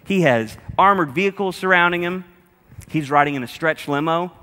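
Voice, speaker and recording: Bright-voiced preacher joking with his congregation. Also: a little high, moderate pace, big-room sound. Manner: humorous, conversational, speaks directly to the congregation. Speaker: pastor. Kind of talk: sermon. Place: church auditorium with a congregation.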